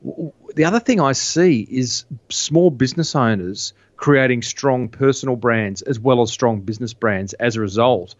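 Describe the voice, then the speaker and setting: A man's voice: medium pitch, normal speed, no echo. Chatty man, dry lo-fi sound. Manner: chatty, frequent restarts. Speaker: podcast guest, marketing author. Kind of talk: casual interview chat.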